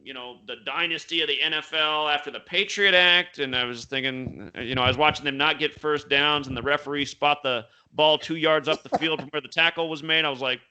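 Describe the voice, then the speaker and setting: A man in his thirties speaks as a guest on a talk show, explaining intently and listing dates and figures. His voice is bright and sharp, pitched a little high. He talks in long, earnest runs. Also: steady tone, a little fast, hardly any pauses, clear, resonant tone. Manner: intense, explanatory, reels off numbers. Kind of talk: conversational interview talk.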